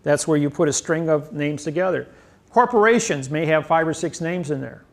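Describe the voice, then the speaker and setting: A man gives a rambling lecture and boasts as he goes, his voice gravelly with fry. He speaks a little higher than most men and leans hard on his words. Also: moderate pace. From United States. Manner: boastful, emphatic, rambling self-praise. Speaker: seminar lecturer. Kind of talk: lecture on grammar.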